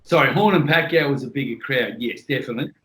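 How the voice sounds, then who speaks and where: An Australian man telling a story in a casual chat, animated and acting out the people in his stories. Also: mid-range voice, fast. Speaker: guest, former boxer.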